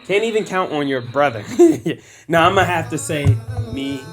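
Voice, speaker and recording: A playful man co-hosts a podcast, teasing his friends in loose, casual banter. His voice sits a little high and swings widely in pitch. Faint music plays underneath. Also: lively intonation, normal speed. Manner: playful, teasing, lots of fillers. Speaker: podcast co-host.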